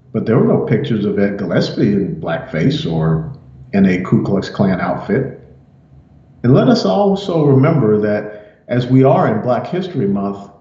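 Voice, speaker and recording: A man delivering scripted political opinion commentary in a measured, emphatic and pointed way. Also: mid-range voice, mellow, echoey room, highs cut off.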